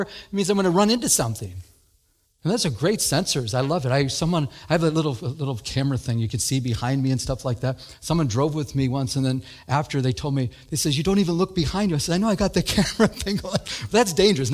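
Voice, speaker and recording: A man with a notably high voice preaches in a loose, conversational way. He is middle-aged and tells everyday stories with lively sound effects and quoted lines. His delivery stays informal and animated. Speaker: pastor. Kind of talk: sermon.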